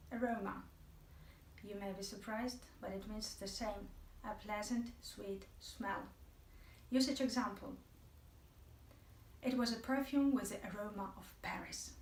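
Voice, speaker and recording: A woman's voice: medium pitch, fairly even intonation, measured pace, far from the mic. A woman teaching an English video lesson, chatty and playful, speaking straight to her viewers. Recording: echoey room, voice from off the mic.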